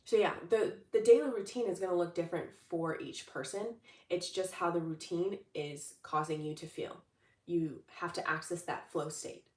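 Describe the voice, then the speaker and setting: A woman's voice: lowish voice, moderate pace, darkish tone. Chatty woman coach in an echoey room. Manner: chatty, upbeat, many fillers and restarts. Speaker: manifestation coach. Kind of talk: casual livestream talk. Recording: roomy echo, distant from the mic.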